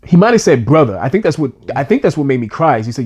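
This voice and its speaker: A man's voice: mid-range voice, very animated, fast, a little mellow, slightly rough. A man co-hosting a podcast, telling a personal story in an earnest, emotional way with casual slang.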